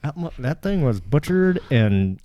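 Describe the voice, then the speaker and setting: A man's voice: mid-range voice, very animated, a little slow, mellow, dry recording, dull audio. A man from southern Minnesota hosting a podcast, telling rambling, profane stories in casual chat and laughing often. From southern Minnesota, USA. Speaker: podcast host.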